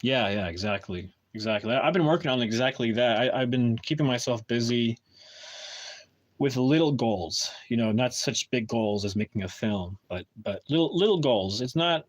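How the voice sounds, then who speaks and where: A man's voice: mid-range voice, animated, normal speed. A man chatting casually with viewers on a live stream at home, talking hesitantly with many restarts and fillers.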